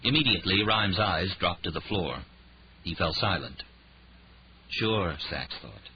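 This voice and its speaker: A man narrating an audiobook thriller in a dramatic, expressive reading. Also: low voice, normal speed, slight background noise. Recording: dull lo-fi audiobook recording.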